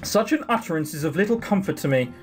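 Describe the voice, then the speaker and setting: Man reading as a cold commanding noblewoman in a game, curt, clipped, expressive pitch. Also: fast talker, faint music behind, lightly acted. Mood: haughty. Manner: curt and haughty. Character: cold scheming noblewoman, commanding and sharp-tongued.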